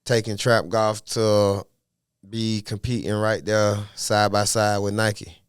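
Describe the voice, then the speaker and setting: A man talking as a podcast guest in a casual interview, animated and full of streetwise slang. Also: fairly low pitch, slow pace, clean tone, dry recording, clean studio sound. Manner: animated, streetwise slang, asks "you know what I mean". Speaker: podcast guest, golf caddie.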